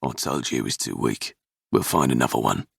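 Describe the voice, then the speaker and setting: Man doing a huge bear of a thug, super low gravelly growl, mean and mocking. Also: expressive, a little fast, a bit bright, no echo, studio quality, heavily acted. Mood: menacing. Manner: gruff and mocking. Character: big brutish bearish male kidnapper.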